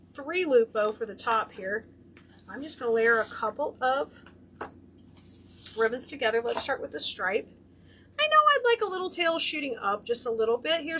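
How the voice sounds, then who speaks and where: Woman, high voice, crafting host, gushy and chatty, faint hum behind. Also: bright, forceful tone. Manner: chatty, gushing over her work. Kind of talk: hands-on craft demonstration.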